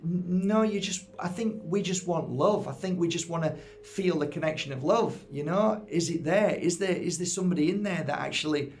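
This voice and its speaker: A man's voice: fairly high pitch, normal speed, hardly any pauses, darkish tone. A middle-aged man from Yorkshire, England, giving an earnest, reflective personal talk to viewers as an energy healer. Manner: earnest, heartfelt, musing. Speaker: energy healer and spiritual teacher.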